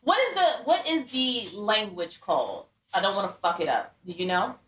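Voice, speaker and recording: A woman's voice: medium pitch, lively intonation, moderate pace, fairly bright tone, distant mic. A woman co-hosting a casual podcast chat, asking curious questions and giggling. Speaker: podcast co-host. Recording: echoey room, faint noise.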